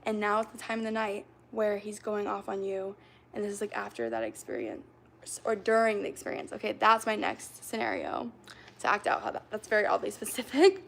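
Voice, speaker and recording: A woman's voice: medium pitch, sing-song, brisk, creaky, slight background noise. A young woman livestreamer chatting casually with her viewers, rambling and full of fillers as she sets up acting games. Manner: rambling, filler-heavy, talks to chat.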